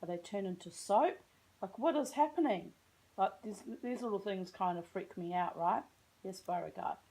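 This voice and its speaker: A chatty Australian woman telling a story to the camera, rambling and self-mocking as she wanders from one tangent to the next. Her voice sits in an ordinary middle register, and she talks in a loose, unhurried way. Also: medium pitch, warm tone, low-quality recording. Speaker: vlogger.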